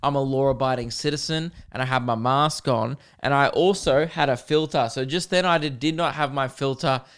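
This Australian podcast host has a mid-range, fairly bright and clean voice and talks at a moderate pace. Speaking close to the mic, he tells comedic stories directly to his listeners in a chatty, joking monologue.

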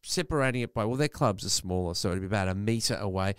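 A middle-aged man co-hosting a comedy podcast, telling a story in a mock-grumpy, animated way. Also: lowish voice, fast talker, clean tone, dry recording, clean studio sound. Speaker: podcast co-host. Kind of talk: casual comedic chat.

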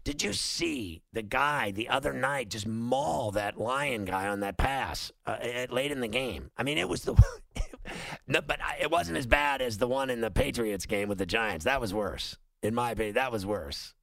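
A man's voice: mid-range voice, normal speed, gravelly, bright, forceful tone, no echo. A man hosting a sports talk show, ranting heatedly and repeating himself. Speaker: host. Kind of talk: opinionated sports talk monologue.

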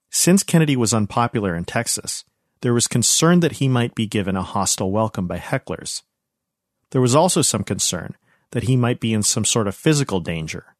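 Low-voiced man narrating history. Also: no echo, clean studio sound. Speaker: podcast host narrator.

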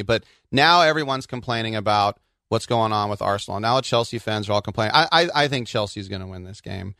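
A man from the Bay Area co-hosts a casual soccer chat, his voice bright and forward. He tells animated stories and laughs often. The sound is dry and close. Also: fairly low pitch, gravelly, no room sound. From Bay Area, California. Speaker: soccer podcast co-host.

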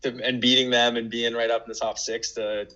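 A man's voice: medium pitch, level tone, brisk, sharp tone, dull audio. A man co-hosting a fan podcast. He tells long, earnest stories about matches. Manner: earnest, long-winded storytelling. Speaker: podcast co-host. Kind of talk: casual fan podcast chat.

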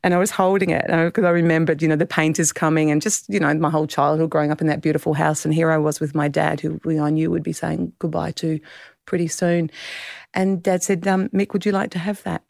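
Low gravelly-voiced Australian woman. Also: level tone, darkish tone, no room sound, studio quality. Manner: halting, emotional, many restarts. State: tearful. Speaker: author guest. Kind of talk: podcast interview.

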